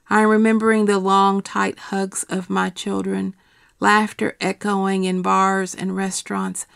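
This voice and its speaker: Middle-aged woman reading her own essay, quiet and measured, gravelly, pretty flat, dry close sound. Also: mid-range voice, no room sound. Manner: quiet, measured, steady delivery. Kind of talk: reading a personal essay aloud.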